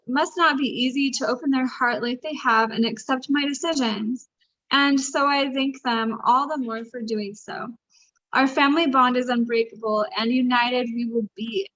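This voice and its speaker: A woman co-hosting a casual chat, reading tributes aloud, emotional and quick to laugh. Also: high voice, fairly bright tone. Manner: emotional, gushing, laughs easily. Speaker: co-host. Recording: dull lo-fi sound.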